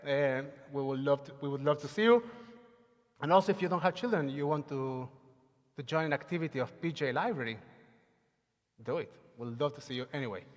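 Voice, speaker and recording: A man leads a Sabbath service in a synagogue sanctuary, chanting Hebrew prayers and making announcements with many hesitations. His voice is a little high and a little fast, and the livestream carries long hall reverb.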